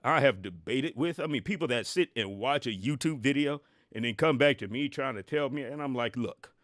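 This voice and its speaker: A middle-aged man giving casual, animated reaction commentary on an interview clip, exclaiming and talking back at it. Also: mid-range voice, a little fast, dry recording, clean studio sound.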